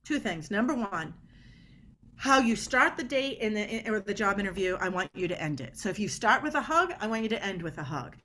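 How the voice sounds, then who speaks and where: A middle-aged woman talks as a podcast guest, emphatic and lively, acting out little scenes of dialogue. Her pitch sits in the middle of the range. A faint hiss lies under her voice. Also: brisk. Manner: animated, emphatic, acts out quoted dialogue. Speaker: body language expert guest. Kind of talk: podcast interview.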